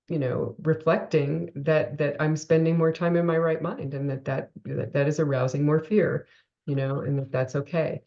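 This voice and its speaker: A woman's voice: low-pitched, a little mellow, dull audio. A woman co-hosting a reflective spiritual conversation, thinking aloud with many fillers and restarts. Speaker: co-host discussing a spiritual text.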